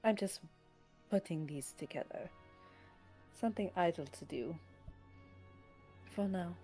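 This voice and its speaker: A woman voicing Montpellier, a calm seamstress absorbed in her sewing, speaking quietly and idly in character during a tabletop game. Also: lowish voice, measured pace, soft background music, natural voice. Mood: idle, musing. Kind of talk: tabletop role-play in character.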